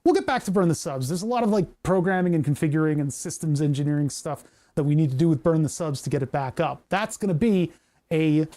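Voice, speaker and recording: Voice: mid-range voice, lively intonation, fast, warm tone. An electronics livestream host in a home workshop, chatting casually and rambling, with many fillers, restarts and casual swearing.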